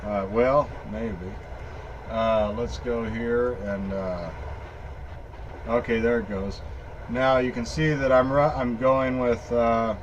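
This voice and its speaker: Man of middle pitch, folksy and rambling, narrates his own screen recording over a faint hum of background noise. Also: steady tone, takes it slowly, dull audio. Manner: rambling, folksy, full of fillers and restarts. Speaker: tech tutorial maker. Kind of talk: casual screen-recorded walkthrough.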